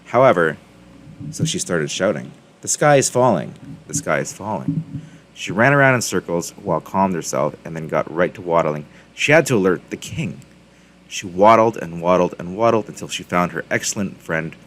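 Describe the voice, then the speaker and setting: A man's voice: low voice, expressive, moderate pace, fairly bright tone. A man hosting a crypto mining video, casually chatting and reading a children's story aloud with ums and self-corrections.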